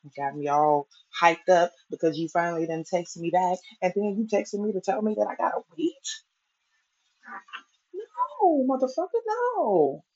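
A woman's voice: fairly low pitch, fairly even intonation, fairly quick, hardly any pauses, darkish tone. A woman delivering a profane, exasperated comic rant as a vlogger, complaining at length. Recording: dull lo-fi recording.

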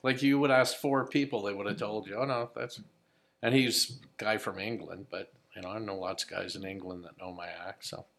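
Male comic guest, deep voice, salty storyteller, acts out the voices. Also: fairly even intonation, normal speed, vocal fry, a bit bright. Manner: profane, storytelling, acts out quotes. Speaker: podcast guest, comedian. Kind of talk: casual chat.

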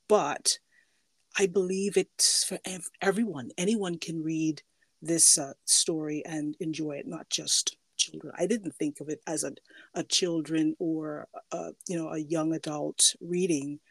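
A woman's voice: low-pitched, no echo. A woman hosting a podcast in casual interview chat, chatty and laughing often, restarting her sentences as she goes. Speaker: podcast host.

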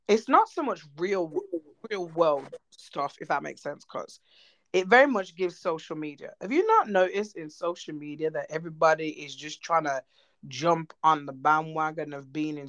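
A woman's voice: low-pitched, fairly bright tone, no room sound, low-quality recording. A woman co-hosting a podcast, talking bluntly and animatedly and swearing freely. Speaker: podcast co-host. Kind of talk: casual chat.

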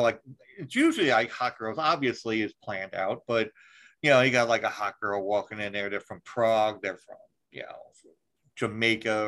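A man's voice: on the low side, fairly bright tone, rough recording. Rambling swearing podcast host, man. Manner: rambling, swears freely, many fillers and restarts. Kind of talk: casual chat.

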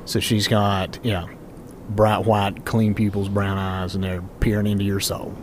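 A man narrating a tabletop game as game master in relaxed, descriptive speech. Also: on the low side, a little slow, a little hiss or hum.

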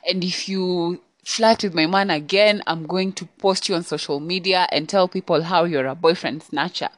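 Give me a jealous, accusing young woman, pushy and insistent, with a low-set voice in a close, dry recording, as a storyteller puts her on. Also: moderate pace, no room sound, natural voice.

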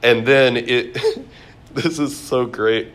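A man's voice: mid-range voice, steady tone, slow, a bit bright. A man teaching a casual Bible study, chatty and amused, with many fillers.

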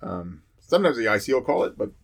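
A man's voice: mid-range voice, big pitch swings, fast, creaky. A man, a firefighter, telling a fire call story in casual chat, rambling with many fillers and restarts.

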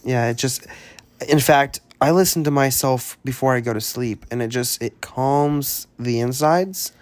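A man hosting a comedy podcast, boasting about his soothing voice in a deadpan, drawn-out way. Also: mid-range voice. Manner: deadpan self-praising, drawn-out phrases. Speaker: podcast host.

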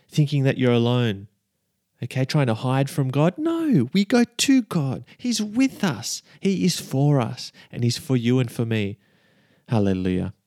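A man's voice: mid-range voice, no room sound. Fervent male preacher, dry sound. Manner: fervent, building to excited emphasis. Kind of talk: sermon.

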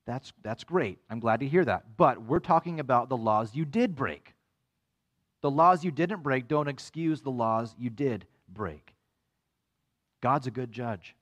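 A man preaching a sermon as pastor, animated and acting out quoted voices with big swings in pitch.

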